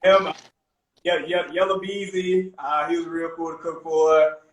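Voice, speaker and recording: A young man, a private chef, casually telling animated stories as a podcast guest. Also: a little high, measured pace. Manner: animated, peppers talk with "man" and "bro". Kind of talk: casual storytelling. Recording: roomy echo.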